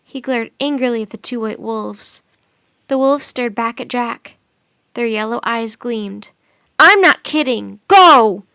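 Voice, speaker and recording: Woman, audiobook narrator, expressive storytelling, fairly high voice, dry studio sound. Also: measured pace, clear, resonant tone, no echo.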